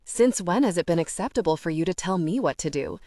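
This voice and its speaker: Rasping old crime boss voiced by a woman, dying, weak, short of breath, gruff, teasing, low. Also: animated, fairly quick, dark tone, no echo, studio quality, close to an everyday voice. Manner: gruff tough love.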